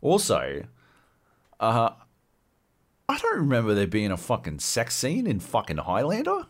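A man's voice: medium pitch, unhurried. A man co-hosting a casual podcast, ranting loosely and swearing a lot. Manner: profane, animated ranting. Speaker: podcast co-host.

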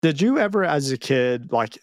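A man co-hosting a podcast, talking in an animated, rambling way with laughs. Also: on the high side, normal speed, no echo, studio quality. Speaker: podcast co-host. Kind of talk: casual chat.

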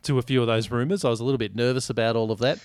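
A man's voice: medium pitch, steady tone, very fast, smooth, dry recording, studio quality. A man co-hosting a podcast, chatty and joking, swearing freely. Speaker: podcast co-host. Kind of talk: casual sports chat.

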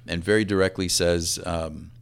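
A man in his fifties, a police assistant chief, telling a personal story in a halting, reflective way that often trails off quietly. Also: low voice, steady tone, creaky, clean tone.

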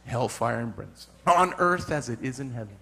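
A man's voice: mid-range voice, lively intonation, normal speed, creaky, sharp tone, voice pushed down. A man voicing a resentful churchgoer who prays grudgingly, muttering sarcastic, mock-pious asides.

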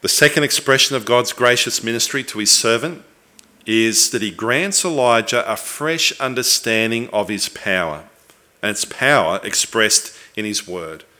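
Earnest, bright-toned male preacher. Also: lowish voice, expressive. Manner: earnest, reflective, with pauses and restarts. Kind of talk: sermon.

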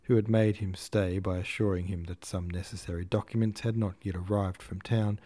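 A man reading a classic novel aloud as a podcast host, in a measured storytelling manner. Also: deep voice, steady tone, dark tone. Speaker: audiobook reader and podcast host.

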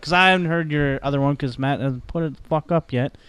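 A man's voice: a little high, fast talker, fairly bright tone, clear, resonant tone, no echo. A man on a casual podcast, crude and ribbing, asking the others questions. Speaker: podcast guest.

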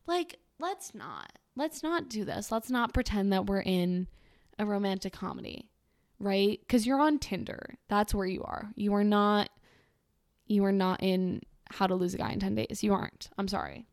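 A woman's voice: medium pitch, expressive, normal speed, gravelly, darkish tone. Young woman, podcast host, sarcastic, wry, casual chat.

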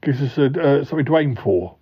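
A man's voice: mid-range voice, expressive, fast talker, husky, dull audio. A man playing a fussy, hesitant male podcast co-host who rambles and fills every gap with ums and uhs, in improvised comedy banter. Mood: dithering. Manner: rambling, full of hesitant fillers.

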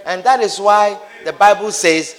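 Male preacher with a high voice and a repetitive, scene-painting style, recorded in a hall with a long echo tail. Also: unhurried. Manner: acts out scenes, repeats phrases for emphasis. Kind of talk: sermon.

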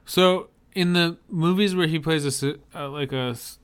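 A man's voice: fairly high pitch, normal speed, smooth. A man co-hosting a podcast, chatting casually about movie trailers and explaining details with frequent restarts. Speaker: podcast co-host.

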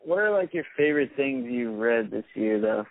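A man hosts a podcast in a relaxed, casual way, tossing in short replies and dry quips. His voice comes through thin and phone-like. The sound is dry and close. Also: medium pitch, normal speed, dry recording. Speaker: podcast host. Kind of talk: casual chat.

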